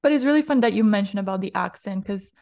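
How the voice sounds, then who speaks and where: A woman from Brazil hosting a podcast, asking questions in a lively, casual way and filling her talk with "like". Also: mid-range voice, fast, creaky. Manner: lively, uses "like" a lot. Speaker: podcast host. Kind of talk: casual interview chat.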